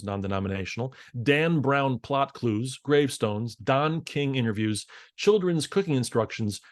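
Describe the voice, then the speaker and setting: A man presenting a dry, sardonic comic essay to an audience, reeling off lists in a deadpan way. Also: mid-range voice. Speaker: comedic presenter. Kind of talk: deadpan comedic essay reading.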